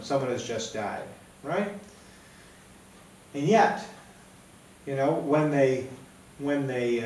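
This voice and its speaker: A man preaching a sermon in a conversational way, often checking in with "right?". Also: a little high. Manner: conversational, keeps asking "right?". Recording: very echoey room, mic far off.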